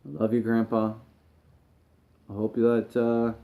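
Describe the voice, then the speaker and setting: A man with a warm, mellow voice talks straight to his viewers while grieving and close to tears. His speech is halting and emotional, with phrases that often fade to a near hush. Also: mid-range voice, completely flat delivery. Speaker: gaming streamer. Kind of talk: personal talk to camera.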